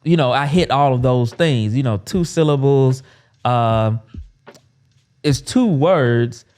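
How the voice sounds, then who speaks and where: A smooth, resonant man's voice in a relaxed business conversation, animated and full of quick asides. He sits in his mid-range pitch and talks like an agency owner chatting on a podcast. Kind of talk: casual business chat.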